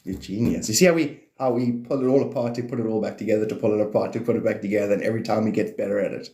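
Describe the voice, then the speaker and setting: A man's voice: on the low side, steady tone, very fast, mellow, reverberant. A man hosting a live stream, rambling loosely about spirituality and cats and drifting between topics. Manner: meandering, free-associating, laughs often, slips into silly voices.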